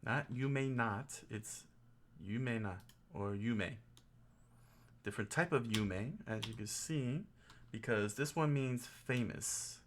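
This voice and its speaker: Slow, jokey man drilling vocabulary. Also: lowish voice, a little hiss or hum. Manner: jokey, thinking aloud, with self-corrections. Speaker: streamer teaching himself Japanese. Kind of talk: casual self-study stream.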